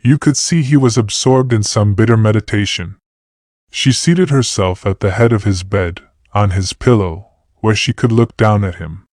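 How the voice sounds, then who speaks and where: Calm male audiobook narrator. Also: lowish voice, no room sound, studio quality. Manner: steady, measured reading.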